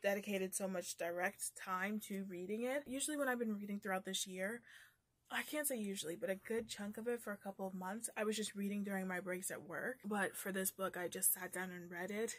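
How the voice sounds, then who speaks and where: A woman's voice: medium pitch, steady tone, a little fast, no echo. A woman chatting casually about the books she read, candid and ranty, swearing freely as she goes. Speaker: book vlogger. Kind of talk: casual book review chat.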